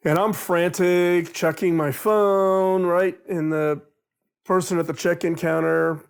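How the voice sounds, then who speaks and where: A middle-aged man giving an animated storytelling talk on innovation, acting out quoted dialogue. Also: high voice, takes it slowly, vocal fry, clean tone. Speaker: speaker on innovation.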